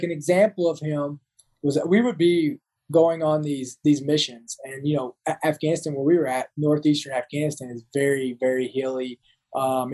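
A man's voice: on the high side, mellow, poor audio. A man, a Marine veteran telling war stories in an interview, rambling with many restarts. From Kentucky. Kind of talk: casual storytelling interview.

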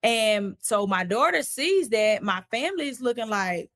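A woman, an interview guest, recounting a personal story in a casual, animated way and acting out the voices of the people in it. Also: a little high, normal speed, few pauses. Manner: animated, acts out quoted voices while recounting events; casual, conversational phrasing.

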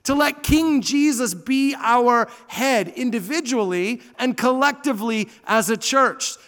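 A man in his thirties preaching a sermon, animated, moving between loud emphasis and hushed asides. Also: very high voice, clean tone. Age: 30s. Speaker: pastor. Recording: long reverb of a large hall.

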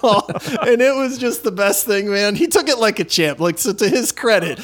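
A man co-hosting a gaming podcast, telling stories in a lively, casual way and laughing often. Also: sits high, moderate pace, few pauses. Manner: animated storyteller, laughs often. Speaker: podcast co-host. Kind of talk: casual chat.

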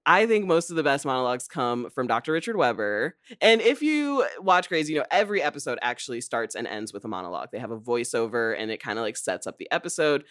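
A man hosting a podcast, chatting in an enthusiastic, animated way. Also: mid-range voice, quick pace, hardly any pauses, no room sound, studio quality. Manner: enthusiastic, animated, laughs easily. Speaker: podcast host. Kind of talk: casual chat.

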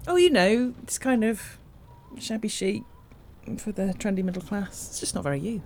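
A woman's voice: medium pitch, moderate pace, slight background noise, close to an everyday voice. A woman playing a blunt, teasing friend visiting a lighthouse in a radio drama. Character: blunt, jumpy woman guest, adult.

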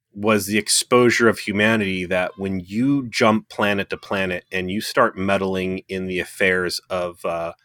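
A man's voice: sits low, pushed and bright, dry recording, clean studio sound. A man co-hosting a podcast, chatting casually and analytically, with frequent ums and uhs. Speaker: podcast co-host. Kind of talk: casual review chat.

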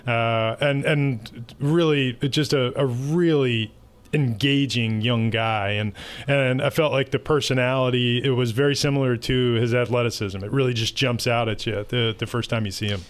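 Relaxed storytelling male baseball executive. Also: medium pitch, normal speed. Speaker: baseball team executive, guest. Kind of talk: casual interview answers.

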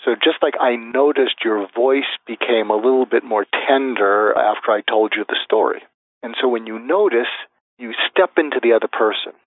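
A man being interviewed as a guest expert, calmly laying out a method step by step and acting out example phrases. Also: mid-range voice, moderate pace, no room sound. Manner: methodical, lists numbered steps, acts out example phrases. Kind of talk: interview answers, explaining step by step. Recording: tinny phone-like line, dry.

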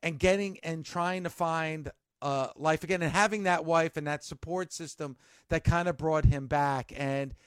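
Energetic man hosting a podcast, dry studio sound. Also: fairly high pitch, moderate pace, smooth, no room sound. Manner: energetic, announcer-style. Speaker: podcast host.

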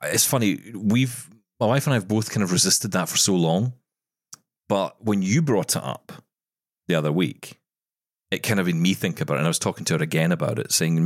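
A man's voice: low-pitched, fairly quick, no room sound, studio quality. A man co-hosting a podcast, chatting casually and telling stories with jokey asides. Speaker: podcast co-host. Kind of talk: casual chat.

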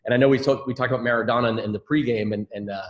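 A man in his sixties from Scotland, a former soccer coach, telling stories in a relaxed, rambling way on a podcast. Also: medium pitch, racing, highs cut off. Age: 60s. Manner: relaxed, rambling storytelling with fillers. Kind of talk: casual interview chat. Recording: echoey room.

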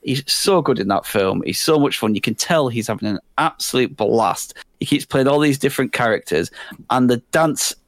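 A man's voice: medium pitch, animated, moderate pace, dry recording. A man co-hosting a podcast, presenting a mock award in enthusiastic, rambling casual chat. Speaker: podcast co-host.

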